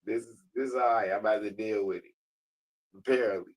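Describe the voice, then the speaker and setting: A man's voice: fairly low pitch, steady tone, low-quality recording. A man streaming live while talking to a voice assistant, blunt, slangy and profane, often laughing. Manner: says he talks fast. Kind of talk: casual live-stream chat.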